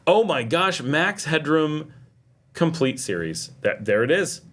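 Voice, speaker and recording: A man's voice: fairly high pitch, sing-song, unhurried, a bit bright, a little hiss or hum. A middle-aged man hosting a casual livestream, chatting and reading viewer comments aloud. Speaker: livestream host. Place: home in Nicaragua.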